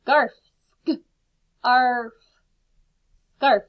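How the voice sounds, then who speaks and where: Woman, teacher, phonics lesson for kids, slow clear sounding-out, fairly high voice, dull webcam audio. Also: fairly even intonation. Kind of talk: remote phonics lesson for young children.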